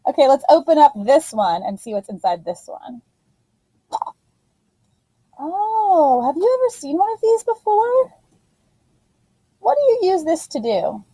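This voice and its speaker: A woman teacher giving a phonics lesson to young children in an animated, sing-song voice. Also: sits high, measured pace, pauses often, no echo, rough recording.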